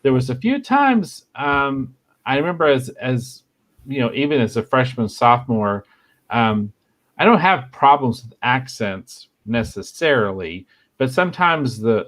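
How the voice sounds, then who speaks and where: A man co-hosting a pop culture podcast, talking in a halting, casual way with many fillers and restarts. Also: medium pitch, fairly bright tone. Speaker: podcast co-host. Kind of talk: casual chat.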